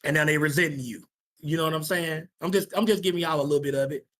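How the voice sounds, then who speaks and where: A man's voice: on the high side, fast, a bit bright. A man leads a Sabbath class with blunt, slangy advice for young people. He talks emphatically and keeps hammering his points home by saying them twice. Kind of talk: informal preaching to young people.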